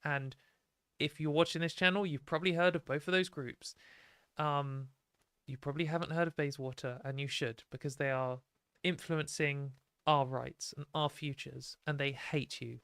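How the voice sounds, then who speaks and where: A woman's voice: deep voice, steady tone, normal speed, fairly bright tone, clean tone, no echo, clean studio sound. A young British woman hosting a livestream, ranting in exasperated, sweary, sarcastic commentary. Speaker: livestream host.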